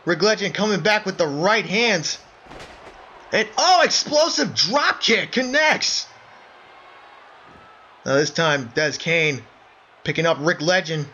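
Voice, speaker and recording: A man doing excited play-by-play wrestling commentary, breaking into shouts of surprise and calling his listeners folks. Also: high-pitched, slow pace, long pauses. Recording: dull lo-fi recording with faint noise.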